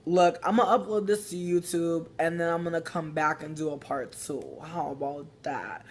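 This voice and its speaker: A man's voice: a little high, normal speed, a little hiss or hum. A man ranting casually on a phone livestream, profane and rambling, with lots of "like" fillers. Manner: profane, rambling, heavy use of "like". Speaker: vlogger.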